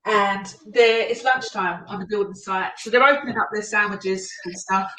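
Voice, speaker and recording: A woman's voice: medium pitch, fairly even intonation, normal speed, a bit bright, low-quality recording. A woman hosting a casual livestream, chatty, rambling and laughing often. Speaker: livestream host.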